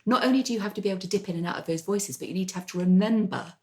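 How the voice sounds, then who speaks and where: A woman's voice: medium pitch, racing. A woman novelist co-hosting a casual chat, chatty and self-deprecating, with rambling asides. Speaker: podcast co-host, novelist.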